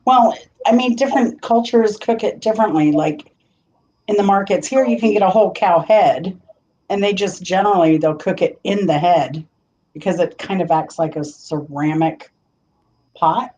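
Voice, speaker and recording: A woman's voice: on the low side, moderate pace, a little mellow. A woman in casual chat, explaining food facts in an informative way. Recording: dull lo-fi stream audio.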